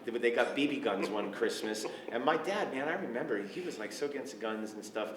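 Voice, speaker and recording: A man's voice: mid-range voice, a little fast. Older man musician, laid-back rambling memories, echoey room, faint hiss. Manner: relaxed, drifting recollection with fillers. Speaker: musician recalling family. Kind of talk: casual reminiscing conversation.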